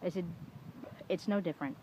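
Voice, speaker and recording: A woman's voice: lowish voice, a little fast. A middle-aged woman talking casually to the camera, venting frankly with lots of swearing and "you know"s, and acting out the arguments she quotes. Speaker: vlogger. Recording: dull lo-fi home recording with faint room noise.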